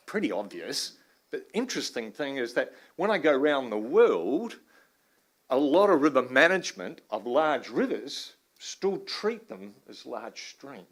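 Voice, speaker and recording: A man from New Zealand with an Australian accent, giving an informal, joking conference talk in a large room as a river science professor. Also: mid-range voice. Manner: joking, informal, swears mildly, bursts into laughing loud asides.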